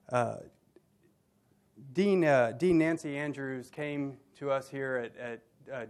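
A middle-aged man, a minister, hosting a university dialogue event. He gives a formal, measured introduction with a touch of dry humor. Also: mid-range voice.

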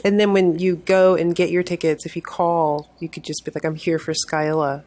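A woman's voice: lowish voice, steady tone, brisk, warm tone. A woman co-hosting a podcast, chatting with a guest in a playful, easygoing way. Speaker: podcast co-host. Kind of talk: casual interview chat.

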